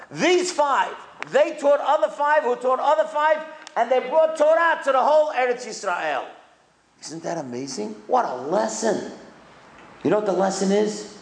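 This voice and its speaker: Animated man preaching in an echoey room. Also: moderate pace, vocal fry. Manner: animated, swings from high excited calls to low solemn tones. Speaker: rabbi giving a talk. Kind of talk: animated sermon storytelling.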